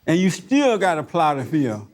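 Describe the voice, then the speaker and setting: A man voicing his stern, unbending farmer granddad, gruff and dismissive. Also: fairly high pitch, big pitch swings, moderate pace.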